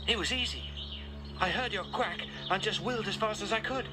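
Man voicing a high earnest cartoon dog. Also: a little fast, over music, natural voice. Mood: reassuring. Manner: earnest, eager to help. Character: kind young male dog on wheels. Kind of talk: children's TV voice acting.

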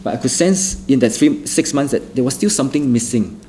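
A middle-aged man tells his testimony in a mellow, warm tone, earnest and often repeating a phrase for weight. He stumbles and restarts now and then, and a faint noise lies under his voice. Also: medium pitch, lively intonation, fairly quick. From Singapore. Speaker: testimony speaker. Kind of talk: spoken testimony.

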